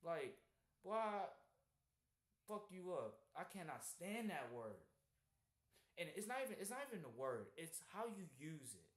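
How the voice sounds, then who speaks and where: A man's voice: fairly high pitch, very animated, normal speed. A young man chatting casually on a call and telling stories with heavy slang and swearing. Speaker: trading streamer. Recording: echoey room.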